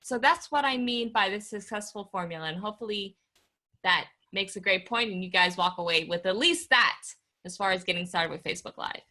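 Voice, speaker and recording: Woman, workshop host, bright voice, upbeat, chatty teaching. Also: mid-range voice, a little fast. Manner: upbeat, addresses viewers as guys. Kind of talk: live stream teaching.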